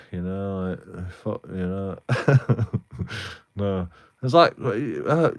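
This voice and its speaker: A man's voice: low-pitched, animated, extremely slow. A young man, ranting casually on a live stream, rambling with heavy swearing and many restarts.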